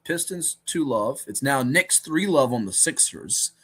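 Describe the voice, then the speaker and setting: Male sports radio co-host, husky, lively pitch, rattles off stats. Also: unhurried. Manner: excitable, stats-heavy, self-correcting. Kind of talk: casual sports talk.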